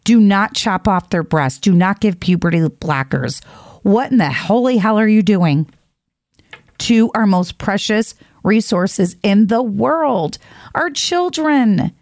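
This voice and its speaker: A woman hosting an opinionated commentary monologue, blunt and emphatic, jumping to high exasperated outbursts. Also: lively intonation, slow, darkish tone, no echo, studio quality. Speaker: host.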